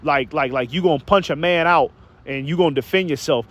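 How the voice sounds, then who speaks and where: A man's voice: a little high, a little fast, highs cut off. Emphatic man preaching a rant. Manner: emphatic, keeps asking "okay?" and "man"; stumbles and repeats words. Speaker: online preacher. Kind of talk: preaching rant with scripture reading.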